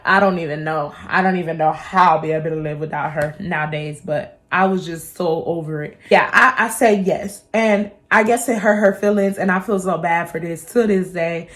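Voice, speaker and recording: A woman in her twenties, a vlogger telling a personal story in a chatty, animated way, swearing freely. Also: lowish voice. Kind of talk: casual storytime vlog.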